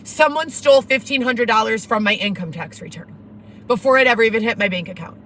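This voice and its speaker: A woman's voice: a little high, fairly quick, fairly bright tone, a little hiss or hum. A woman vlogging in a rambling monologue, blunt and profane, piling up complaints.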